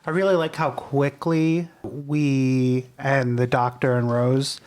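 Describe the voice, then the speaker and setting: A man's voice: medium pitch, flat delivery, slow, darkish tone. A man co-hosting a podcast, talking in a reflective, casual way with fillers. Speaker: podcast co-host. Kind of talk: casual chat.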